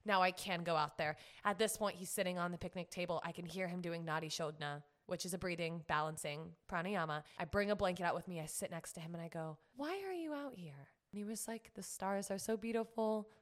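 A woman's voice: lowish voice, quick pace, hardly any pauses. A young woman telling a long, dramatic story in casual podcast chat, laughing often and acting out what people said. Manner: animated, dramatic storyteller who laughs often and acts out quotes. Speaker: podcast guest.

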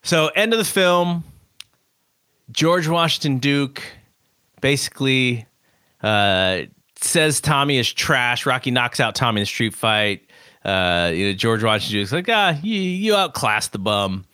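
A man's voice: medium pitch, measured pace, bright, forceful tone, smooth, dry recording, clean studio sound. A man co-hosting a film review podcast, animatedly retelling scenes and acting out quotes. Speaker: podcast co-host. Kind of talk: casual film review chat.

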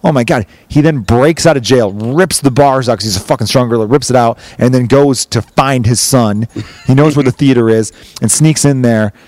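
A man's voice: mid-range voice, moderate pace, darkish tone, dry recording. A man in his thirties from Chicago, chatting casually on a podcast, rambling and swearing as he acts out scenes from a story. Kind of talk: casual chat, animated storytelling.

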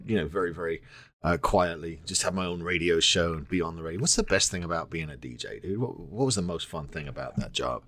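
A man's voice: sits low, fast talker, a bit bright. A man hosting a podcast, asking questions in an enthusiastic, laid-back way and calling his guest "dude" and "man.". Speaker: podcast host. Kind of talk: casual interview chat.

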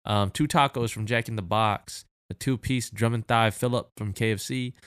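A man's voice: lowish voice, steady tone, normal speed, fairly bright tone, clean tone, dry recording, clean studio sound. A man hosting a casual podcast game, teasing his guests as he keeps the rounds going. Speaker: podcast host. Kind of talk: casual chat.

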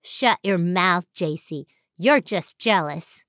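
A woman voicing an excited young boy who is eager and boastful in a storybook reading. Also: on the low side, slow pace, dry recording, studio quality. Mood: snappy. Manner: loud, eager, pleading.

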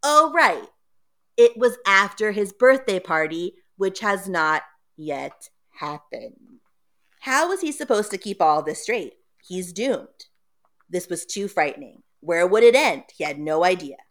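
A woman co-hosting a podcast, retelling a story in an animated, giggly way. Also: mid-range voice, unhurried. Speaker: podcast co-host recapping a book. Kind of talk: casual comic retelling.

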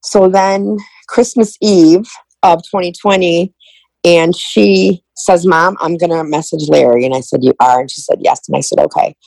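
Gravelly-voiced woman retelling a family story. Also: on the low side, moderate pace, no room sound, low-quality recording. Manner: animated retelling with quoted dialogue. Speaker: guest. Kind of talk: conversational storytelling.

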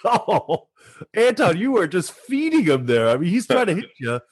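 A male interviewer hosting a casual chat, reacting with excitement and frequent laughter. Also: high voice, moderate pace, breathy edge. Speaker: interviewer, host.

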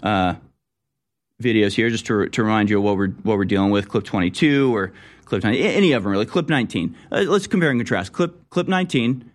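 A man's voice: on the low side, animated, fast. A man hosting a talk radio show, giving sarcastic, rambling political commentary. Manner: mocking, sarcastic, loose and rambling.

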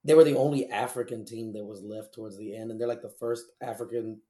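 A man's voice: fairly low pitch, fairly even intonation, fast talker, mellow, reverberant. An American man in casual chat, blunt and swearing freely. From United States. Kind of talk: casual podcast chat about soccer.

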